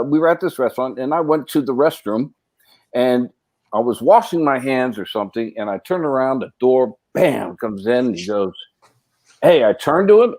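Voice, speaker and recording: A man's voice: medium pitch, a little mellow, no room sound. A middle-aged man tells a long story in a casual, rambling way. He keeps restarting his sentences and fills the gaps as he goes. His voice sits in an ordinary middle register and sounds dry and close, with no room around it. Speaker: guest actor. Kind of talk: casual anecdote telling.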